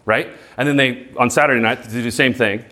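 Presenting live before an audience, this thirty-something man talks with rhetorical emphasis, keeps tossing in "right?", and stumbles on repeated words as his excitement builds. He has a medium pitch and talks fairly quickly.

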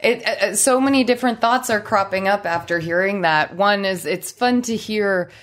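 A woman co-hosting a podcast in casual chat, laughing often and pausing on fillers as she thinks aloud. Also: medium pitch, a bit bright. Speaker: podcast co-host.

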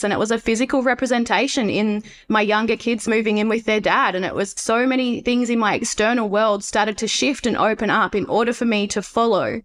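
A woman guest on a podcast, speaking earnestly and reflectively about her life in casual conversation. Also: a little high. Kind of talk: casual interview chat.

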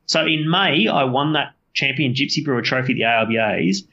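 A man's voice: mid-range voice, a little fast, sharp tone, muffled recording. An Australian man telling his story as a podcast guest, rambling, swearing and correcting himself often. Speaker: guest brewer.

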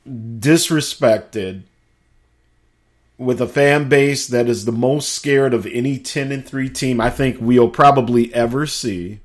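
Slow-talking, laid-back male sports host. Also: mid-range voice, a little mellow. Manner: laid-back and chatty, laughs easily, leans on "man". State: slightly scratchy throat. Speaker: sports talk show host. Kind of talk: casual sports talk monologue. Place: home studio.

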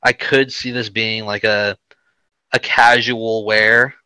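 Bright, clear-voiced man giving blunt takes. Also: lowish voice, flat delivery, takes it slowly, no room sound, poor audio. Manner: blunt opinions, hesitant fillers. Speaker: podcast co-host. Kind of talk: casual chat.

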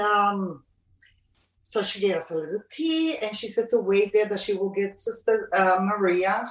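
A middle-aged woman telling a personal pilgrimage story as testimony, halting with many fillers and restarts. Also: medium pitch, recorded from a distance. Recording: roomy, from off the mic.

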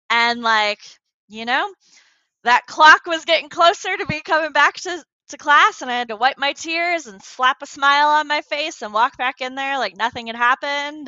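Earnest, bright-voiced woman telling her story. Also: fairly high pitch, dry recording. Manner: earnest, emotional, many fillers and restarts. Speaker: guest, former teacher. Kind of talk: candid interview storytelling. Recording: dull lo-fi sound.

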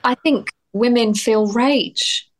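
A woman's voice: a little high, slow. A woman, a guest actor and writer, talking in a candid, reflective and heartfelt way, often restarting her phrases. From United Kingdom. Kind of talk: candid interview conversation.

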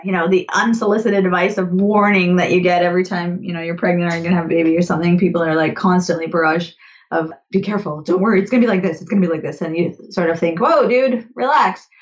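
Lively laughing woman, slightly muffled audio. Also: on the low side, fast talker. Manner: animated, laughs often, acts out her own inner voice. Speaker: podcast guest, author and grief coach. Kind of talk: casual conversational interview.

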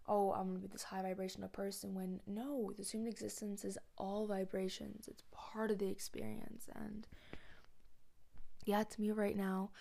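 A young woman podcaster talks in a raw, confessional monologue with a gravelly, creaky edge to her voice. She rambles bluntly and swears freely, and her voice often drops to a soft near-whisper. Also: medium pitch. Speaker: podcast host.

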